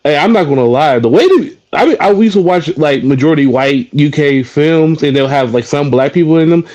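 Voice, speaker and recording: A man in a casual group conversation, telling stories in an excitable, indignant way. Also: on the high side, fairly quick, lo-fi sound.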